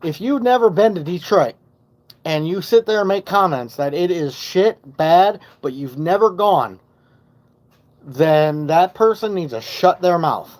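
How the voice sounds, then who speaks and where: A Michigan man live-streams casual chat from his home basement on a phone microphone. His voice is high, animated, unhurried and a little mellow, and he rambles, swears and loses his train of thought.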